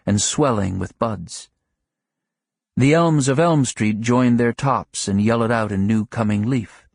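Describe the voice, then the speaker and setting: A man narrating a literary novel as an audiobook in a measured, unhurried way. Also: on the low side, darkish tone, dry recording, studio quality.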